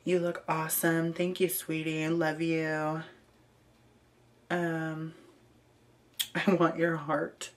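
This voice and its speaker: A woman's voice: deep voice, completely flat delivery, slow, long pauses. A woman vlogging casually, reading out messages with dry, amused asides and frequent ums.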